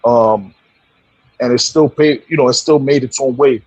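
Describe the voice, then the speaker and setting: A man's voice: mid-range voice, normal speed, a little mellow, no echo, rough recording. A man chatting casually on a podcast, rambling and repeating words as he gets going. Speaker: podcast co-host. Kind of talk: casual chat.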